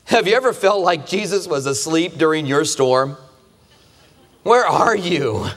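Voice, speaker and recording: A man's voice: on the high side, animated, measured pace. A man preaching a conversational sermon, asking the listeners rhetorical questions. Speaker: pastor. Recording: long hall reverb.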